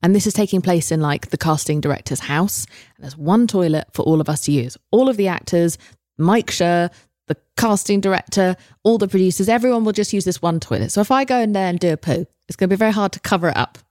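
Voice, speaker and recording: A woman's voice: lowish voice, quick pace, a little mellow, no echo, studio quality. A woman in her thirties with an English accent, telling a story solo on her podcast in a candid, self-mocking way, swearing freely. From England. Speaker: podcast host.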